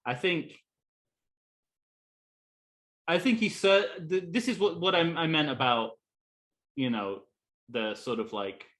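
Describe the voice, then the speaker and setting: Halting man trailing off on a podcast. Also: a little high. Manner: halting, many restarts, trails off quietly. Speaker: podcast co-host. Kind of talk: casual film discussion.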